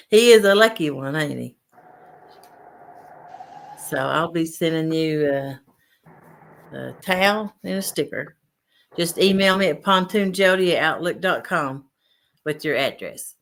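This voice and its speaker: A woman's voice: low voice, expressive, unhurried, gravelly, pauses often. A woman hosting a casual fishing livestream, reading out chat names and greeting viewers. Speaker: livestream host.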